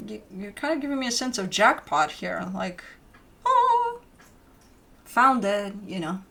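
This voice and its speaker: A woman's voice: medium pitch, animated, fairly quick, vocal fry, a bit bright. A young woman giving a casual tarot reading, talking loosely with many fillers and restarts. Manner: rambling, conversational, lots of fillers and restarts. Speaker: tarot reader.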